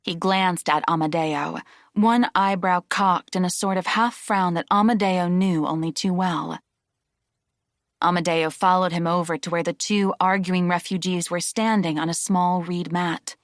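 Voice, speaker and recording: A woman reading a novel aloud as an audiobook narrator, steady and measured. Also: lowish voice, dry recording, clean studio sound. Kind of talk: scripted narration.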